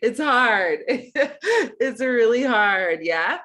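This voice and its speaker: A woman's voice: mid-range voice, expressive, measured pace, fairly bright tone. A woman teaching an online group singing lesson, friendly and encouraging in a casual way.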